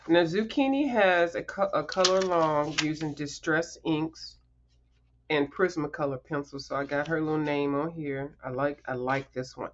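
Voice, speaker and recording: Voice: medium pitch, highs cut off. A coloring livestream host in a casual show-and-tell chat, rambling and chatty, with emphatic asides to viewers.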